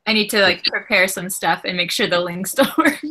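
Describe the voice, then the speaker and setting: A woman chatting quickly and casually on a video call, often giggling. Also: mid-range voice, bright, forceful tone. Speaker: guest who hosts her own show. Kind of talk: casual chat.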